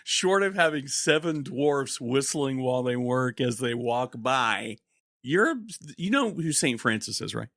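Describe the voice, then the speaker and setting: A man's voice: mid-range voice, unhurried, vocal fry, no room sound, clean studio sound. A man with an Oklahoman accent co-hosting a podcast, joking in casual banter. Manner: joking, animated. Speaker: co-host.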